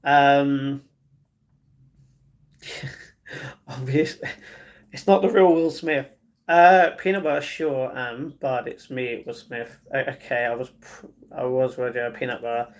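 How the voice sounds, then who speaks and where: A man's voice: mid-range voice, steady tone. Easygoing man chatting on a livestream. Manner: chatty and easygoing, with halting restarts. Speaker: livestream host. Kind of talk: casual livestream chat, reading viewer comments aloud.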